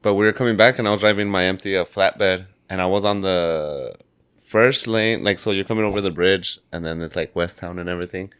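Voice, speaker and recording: A man's voice: low-pitched, a little fast, a bit bright, smooth. A man with an El Paso Texan accent, a truck driver telling a crash story in easygoing podcast chat, often saying bro. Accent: El Paso Texan English. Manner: laid-back, says bro a lot.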